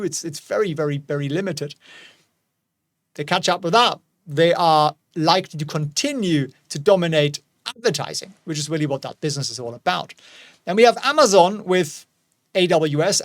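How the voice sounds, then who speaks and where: A man's voice: fairly high pitch, dry recording. A man in his forties hosting a casual investing commentary, chatty with jokey asides. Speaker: host.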